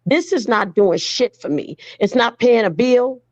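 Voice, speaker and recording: A woman's voice: fairly high pitch, lively intonation, unhurried, a little mellow, no echo. A woman speaking as a mother to her grown daughter, blunt and profane, pleading and scolding by turns. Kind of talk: emotional direct address.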